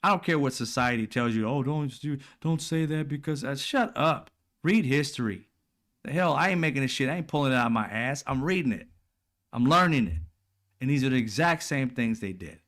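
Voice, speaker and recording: A man's voice: mid-range voice, lively intonation, brisk, fairly bright tone. A man, giving blunt, profane, heated political commentary as a host in casual speech.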